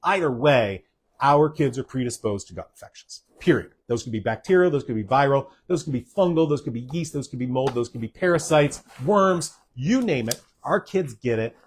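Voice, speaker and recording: Husky-voiced man coaching parents. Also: mid-range voice, animated, moderate pace. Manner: earnest, coaching, peppered with "okay?" and "all right?". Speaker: naturopathic doctor hosting a live stream. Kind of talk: live-streamed health talk.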